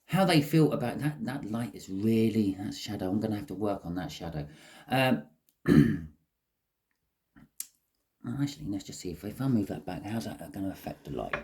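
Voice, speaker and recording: A man's voice: fairly low pitch, lively intonation, normal speed, pauses often, dark tone. A man giving a casual, chatty tarot reading to camera, explaining each card as he goes. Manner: chatty, explains as he goes, says "okay" often. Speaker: tarot reader.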